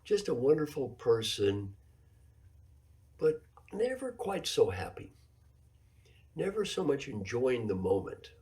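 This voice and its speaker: A man's voice: mid-range voice, big pitch swings, slow, long pauses, darkish tone. A man in his seventies, an executive coach giving a keynote lecture, telling stories and repeating his key points for emphasis. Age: 70s.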